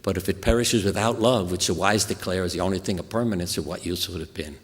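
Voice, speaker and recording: A man voicing a calm, selfless seven-year-old boy in a told story, in his own deep voice. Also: fast, long reverb tail, natural voice. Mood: serene.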